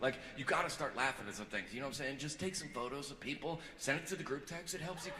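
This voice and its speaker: A man's voice: mid-range voice, quick pace. A man doing a stand-up comedy set, rambling and self-deprecating, with frequent restarts. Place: large hall with live audience. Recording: echoey hall with crowd noise.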